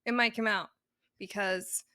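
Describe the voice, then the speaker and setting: A woman's voice: mid-range voice, steady tone, a little slow, sharp tone, no echo, studio quality. A woman with a Boston accent co-hosting a podcast in a casual, chatty, rambling way. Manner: chatty and playful, rambling with fillers. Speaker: podcast co-host. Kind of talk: casual chat.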